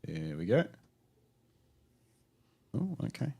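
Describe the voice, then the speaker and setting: A man's voice: fairly low pitch, big pitch swings, slow, creaky, dark tone, breathy edge. A man hosting a live podcast, joking around and reading viewer comments aloud. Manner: jokey, laughs often, reads out comments. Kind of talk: casual chat.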